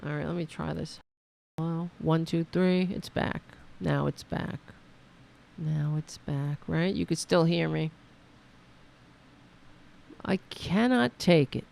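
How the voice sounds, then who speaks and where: A woman hosting a casual livestream from her home, speaking unhurriedly with a gravelly, fry-edged voice. She rambles and swears freely while talking straight to her viewers. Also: sits low, level tone, a little slow, dark tone. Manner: profane, rambling, talks to her audience directly. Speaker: host of a political talk livestream.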